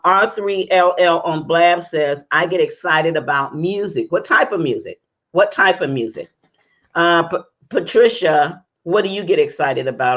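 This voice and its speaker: A woman's voice: lowish voice, fairly bright tone, highs cut off. A woman hosting a live-stream talk show, chatty and upbeat, greeting viewers by name, her voice strained by a cold. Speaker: talk show host and interview coach.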